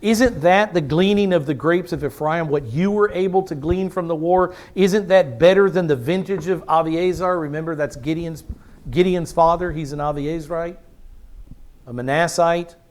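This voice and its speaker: A man's voice: a little high, moderate pace, darkish tone. A man preaching a Bible-teaching sermon, emphatic, asking rhetorical questions. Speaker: pastor.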